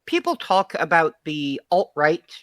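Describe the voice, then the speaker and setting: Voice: medium pitch, very animated, a little slow, no echo, studio quality. An interview guest speaking frankly and bluntly in long, unbroken runs of casual talk.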